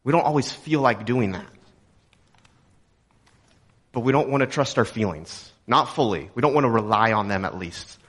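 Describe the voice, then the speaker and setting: A man's voice: mid-range voice, animated, moderate pace, long pauses, slightly rough. A young adult man from Texas preaching a sermon as a pastor, in a conversational, joking way with rhetorical questions. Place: church auditorium.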